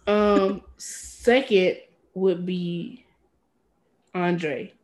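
A woman co-hosting a podcast in casual chat, animated and playfully petty, who often acts out what others might say. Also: fairly low pitch, very slow. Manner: animated, acts out quoted lines with playful pettiness. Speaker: podcast co-host.

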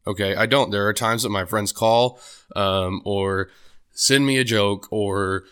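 Rambling young man, bright voice. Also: on the low side, steady tone, measured pace, clean tone. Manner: rambling, casual, many fillers and restarts. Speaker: podcast host. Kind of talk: solo podcast monologue.

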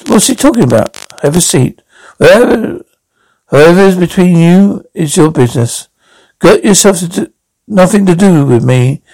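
A man with a gravelly, slightly raised voice reads a tense crime scene, doing all the parts himself. He speaks the stage directions aloud between the lines. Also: fairly high pitch, a little mellow, dry recording, poor audio. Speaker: reader performing all parts. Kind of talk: dramatic reading of a crime scene.

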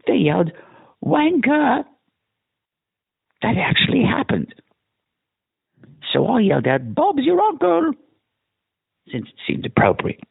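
A man's voice: very high voice, huge pitch swings, slow, vocal fry, long pauses, breathy edge. Drunk man in a campy mock British accent. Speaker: podcast host leaving himself a voicemail. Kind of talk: drunk voicemail monologue. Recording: tinny phone voicemail.

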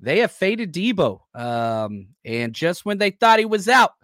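A man's voice: high voice, very animated, a little slow, fairly bright tone, no echo, studio quality. A man hosting a live sports podcast, talking loosely and energetically while reading chat comments aloud. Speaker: podcast host.

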